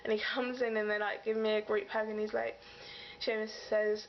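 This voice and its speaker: Young girl, gravelly and flat, rambly vlog story, dull lo-fi mic with faint hiss. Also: mid-range voice, normal speed. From England. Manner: gushing, rambling retelling full of "like". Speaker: vlogger. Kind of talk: casual storytelling.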